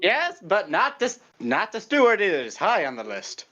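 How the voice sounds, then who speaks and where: A man plays a tabletop game in a deadpan, bossy way. His voice is bright and sharp, with lively swings in pitch, and the recording sounds dull and lo-fi. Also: normal speed. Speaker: player.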